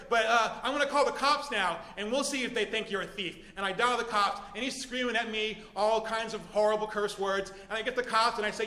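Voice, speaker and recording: A man telling a comic true story to a live audience, with animated, exaggerated outrage. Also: very high-pitched, fairly quick, few pauses, reverberant, long reverb tail. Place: theater stage with live audience.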